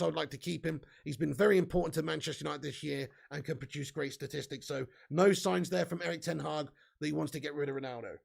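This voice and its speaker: A man's voice: fairly high pitch, gravelly. A young man hosting a live fan news stream, chatty and reading out viewer comments. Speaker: fan channel host.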